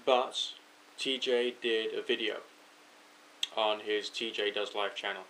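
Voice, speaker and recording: Slow and steady in tone, this low-voiced British man has a sharp edge to his delivery as he muses to camera late at night. Overtired, he wanders and corrects himself along the way in this vlog. Expect a rough recording and slight background noise.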